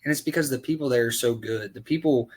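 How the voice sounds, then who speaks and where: A race car driver on a podcast, ranting about racetracks in casual, profane talk full of rhetorical questions. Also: male voice, medium pitch, quick pace, darkish tone, husky. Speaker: dirt late model race driver.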